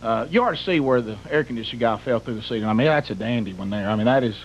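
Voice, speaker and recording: A man's voice: medium pitch, very fast. A middle-aged man, hosting a radio show and telling a comic story in a rambling, exaggerated way that piles up details. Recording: muffled broadcast with faint hum.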